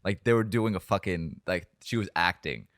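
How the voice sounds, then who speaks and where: Deep-voiced young man telling a rambling story. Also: normal speed, a bit bright, no echo, studio quality. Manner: rambling, profane storytelling with many fillers. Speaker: podcast co-host. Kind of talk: casual storytelling chat.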